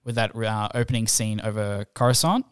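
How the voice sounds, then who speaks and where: A man in his thirties chats easily on a podcast, going over favourite scenes. His voice is smooth and clear. It is recorded close and dry, with no room sound. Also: on the low side, a little fast, no echo. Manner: relaxed and conversational, recapping scenes with laughs. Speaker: podcast co-host. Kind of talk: casual chat.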